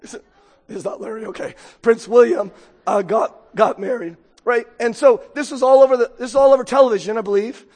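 High-voiced husky man preaching. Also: steady tone, fairly quick, darkish tone. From United States. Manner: conversational, joking, keeps asking the crowd "right?". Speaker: pastor. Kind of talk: sermon. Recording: long hall reverb.

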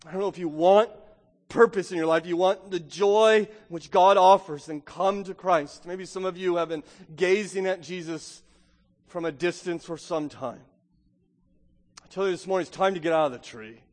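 High-voiced man preaching in an echoing hall. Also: normal speed. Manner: earnest, swings from loud emphatic to hushed. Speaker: pastor. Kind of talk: sermon. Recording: long reverb of a large hall.

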